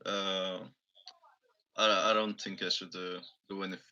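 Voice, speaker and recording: A man answering in a recorded debate. His voice sits low yet sounds bright and tense, and his talk is hesitant and full of fillers. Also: flat delivery, measured pace, clean tone, dull audio. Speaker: debate opponent.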